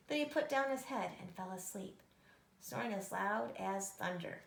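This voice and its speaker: Woman reading a children's story aloud, slightly gravelly, steady rhythm. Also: medium pitch, normal speed, reverberant. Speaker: storybook reader.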